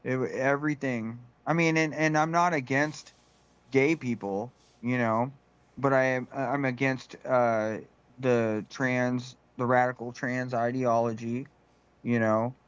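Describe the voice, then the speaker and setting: A man co-hosting a podcast, talking in a rambling, halting way with lots of "like" and "you know.". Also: mid-range voice, fairly even intonation, clean tone, dry recording. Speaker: podcast co-host. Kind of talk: casual political chat. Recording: slightly muffled lo-fi recording.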